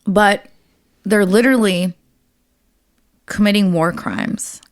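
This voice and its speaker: A woman's voice: medium pitch, takes it slowly, no room sound, clean studio sound. A woman co-hosting a casual podcast chat, talking bluntly and venting with a lot of swearing. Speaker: podcast co-host.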